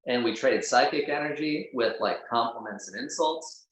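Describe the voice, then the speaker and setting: A man's voice: medium pitch, normal speed, a bit bright, slight background noise. A man talking as a podcast guest in loose, profane casual conversation, leaning on filler words. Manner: loose and profane, heavy use of "like". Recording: very echoey room.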